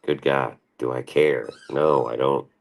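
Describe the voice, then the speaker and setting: Super deep voiced guy ranting on his stream, swearing a lot, doing voices of people. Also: steady tone, unhurried, vocal fry. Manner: rambling and profane, quotes others in raised voices. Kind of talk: casual livestream rant. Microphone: streaming mic.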